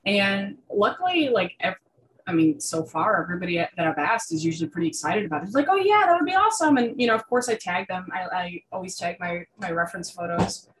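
A woman's voice: lowish voice, brisk, a little hiss or hum, rough recording. A young woman in a casual interview, chatty and enthusiastic, with lots of fillers and restarts. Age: young adult. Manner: enthusiastic about reptiles. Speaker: guest artist.

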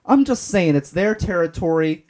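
A man's voice: sits high, lively intonation, moderate pace, a little mellow. A man talking in a loose podcast chat who keeps working himself up into mock outrage. He argues in blustery, theatrical bursts, half joking and half worked up. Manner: blustery, mock-indignant ranting. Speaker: podcast co-host. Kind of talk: casual chat.

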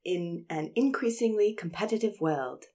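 A woman's voice: mid-range voice, animated, normal speed, mellow, close to an everyday voice. A woman reading out a tech boss's email in a mock-serious, put-on British accent.

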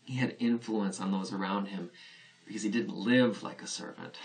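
A man's voice: lowish voice, fairly even intonation, normal speed, distant mic, rough recording. A man preaching a sermon as a pastor, earnest and conversational, posing rhetorical questions to his listeners.

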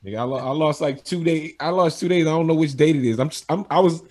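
A man's voice: on the high side, fast talker, a little mellow. A man co-hosting a podcast, telling stories animatedly in slangy casual chat.

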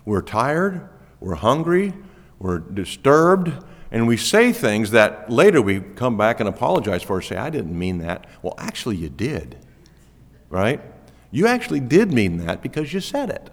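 A man preaching a sermon as pastor, lively and animated, laughing now and then. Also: mid-range voice, measured pace. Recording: long reverb of a church hall.

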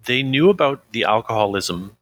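A man's voice: medium pitch, animated, moderate pace, fairly bright tone, no room sound. A man speaking as an interview guest, reflective and hesitant, with many fillers and easy laughs. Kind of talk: candid conversational interview.

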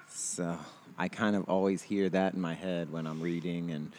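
Deep-voiced guy in his 30s rambling on a podcast, tons of "you know"s, laughs a lot. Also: steady tone, slow, a little mellow. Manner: rambling, heavy on fillers and restarts, laughs often. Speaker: podcast host. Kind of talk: casual chat. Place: outdoors.

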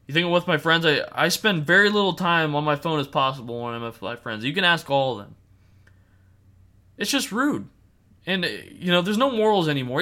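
A man's voice: on the high side, bright, forceful tone. A man hosting a solo podcast, giving an emphatic, opinionated rant full of rhetorical questions and repeated words. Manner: repeats and restarts words while ranting. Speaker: podcast host.

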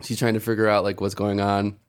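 A man's voice: on the low side, level tone, brisk, clear, resonant tone. A man co-hosting a podcast who recaps a TV episode in a hesitant, filler-heavy way. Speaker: podcast co-host. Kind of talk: casual recap chat.

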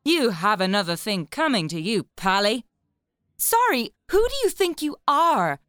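A woman playing a brash, scheming party guest who talks in grand, melodramatic swings between loud and hushed. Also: mid-range voice, sing-song, measured pace, clean tone, no echo, clean studio sound. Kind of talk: stage play acting.

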